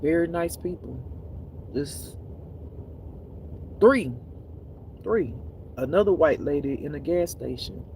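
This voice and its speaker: A tired man chatting casually to viewers on a live stream from his phone, animated and laughing often as he talks. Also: fairly high pitch, normal speed, slight background noise. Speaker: spiritual reader streaming live.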